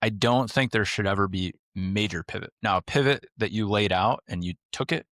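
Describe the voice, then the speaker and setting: A man's voice: on the low side, fairly quick, fairly bright tone, no room sound, studio quality. A man hosting a podcast who talks bluntly and emphatically, answering his own rhetorical questions in a casual clinical discussion. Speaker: podcast host, clinic owner.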